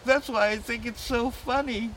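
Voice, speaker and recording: A man voicing a giddy woman tourist in a shrill falsetto, loud music behind him. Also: fairly even intonation, normal speed, far from the mic, a little hiss or hum, poor audio. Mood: insistent. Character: giddy middle-aged woman tourist, squealing.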